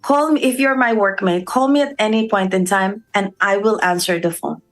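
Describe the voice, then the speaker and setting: A woman's voice: medium pitch, moderate pace, faint music behind. A middle-aged woman from the Philippines with a Filipino accent, a radio show guest telling stories and acting out quoted voices, slipping into Tagalog. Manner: storytelling, acts out quoted voices, mixes in Tagalog. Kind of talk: conversational radio interview.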